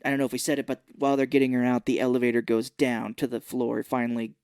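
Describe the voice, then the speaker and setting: A man's voice: medium pitch, monotone, fast, a little mellow, smooth, no echo, studio quality. A man co-hosting a podcast, casually recapping a movie's plot and acting out the characters' lines. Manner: retells scenes, acting out quoted lines. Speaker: podcast co-host. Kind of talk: casual film recap chat.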